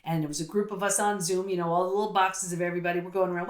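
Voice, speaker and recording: A middle-aged woman speaks as an interview guest, earnest and full of stories and quick asides. Her voice sits a little low. The room around her rings with a roomy echo. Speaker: guest psychologist. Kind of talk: casual interview talk.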